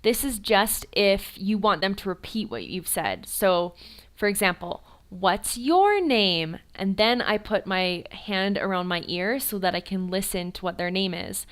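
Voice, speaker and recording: A young woman, an online English teacher, giving casual tips in a tutorial. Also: mid-range voice. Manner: chatty, demonstrates slow exaggerated teacher speech.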